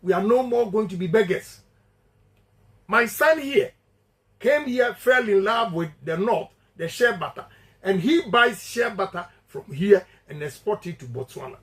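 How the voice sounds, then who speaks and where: Emphatic high-voiced Ghanaian man. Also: lively intonation, unhurried, a bit bright, low-quality recording. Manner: emphatic, repetitive and declamatory; switches between English and Twi. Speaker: politician addressing supporters. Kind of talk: campaign speech.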